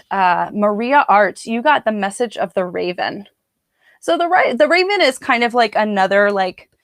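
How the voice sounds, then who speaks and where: Woman, live card reader at home, chatty and rambling, dry close sound, mid pitch. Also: no echo. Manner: chatty, rambling, talks straight to viewers. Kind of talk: casual live-stream card reading.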